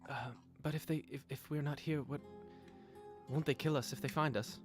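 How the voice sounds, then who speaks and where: A man's voice: fairly high pitch, fairly even intonation, moderate pace, music in the background, pitched above the performer's own voice, lightly acted. A man voicing a frightened elven woman prisoner, hesitant and stammering. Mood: nervous.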